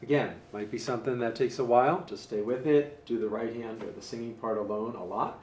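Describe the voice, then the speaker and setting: A man teaching jazz piano in a relaxed, casual way, counting beats aloud and scatting rhythms. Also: mid-range voice, brisk. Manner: easygoing, counts beats aloud and scat-sings syllables. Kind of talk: casual spoken instruction. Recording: roomy, distant mic, faint hiss.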